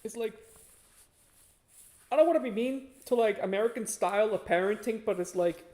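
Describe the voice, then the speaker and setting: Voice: medium pitch, moderate pace, mellow. A person chatting casually with friends, hesitant and full of fillers like "um" and "uh". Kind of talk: casual chat over voice call.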